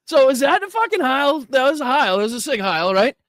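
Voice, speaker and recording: A man hosts a live political reaction stream, his voice sitting high for a man and recorded dry and close. He swears freely, laughs often and sounds incredulous at what he is watching. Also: very animated, fairly quick, a bit bright, no room sound. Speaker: political commentary host.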